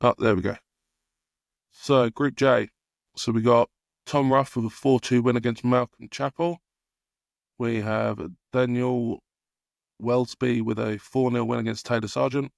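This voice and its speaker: A man's voice: mid-range voice, steady tone, a little slow, vocal fry, long pauses, dry recording, studio quality. A man co-hosting a casual darts podcast, easygoing and a little self-deprecating, sometimes stumbling over names. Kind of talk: casual chat.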